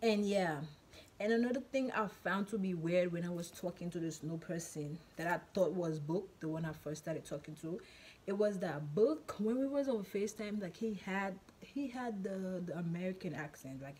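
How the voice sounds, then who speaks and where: A woman's voice: fairly low pitch, moderate pace, darkish tone, breathy edge. A woman vlogger telling a casual storytime in a chatty, rambling way, full of fillers and repeats.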